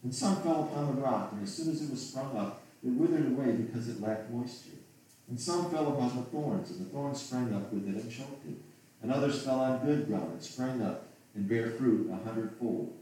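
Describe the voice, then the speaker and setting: Reading aloud from the King James Bible, this male preacher follows the verses with pleading rhetorical questions. His mid-range voice is mellow, with lively intonation and a moderate pace. The room echoes because the microphone sits far away.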